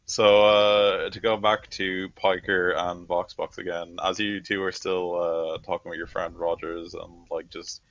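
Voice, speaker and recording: A man narrating as game master of a tabletop role-playing game, relaxed and rambling with many fillers. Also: low voice, a little slow, hardly any pauses, no room sound, highs cut off.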